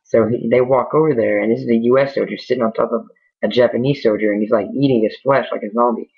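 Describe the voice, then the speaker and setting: A man's voice: medium pitch, steady tone, quick pace, breathy edge. A man telling an improvised scary story in a rambling way, with many fillers and restarts. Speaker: amateur storyteller. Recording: tinny phone-like lo-fi audio.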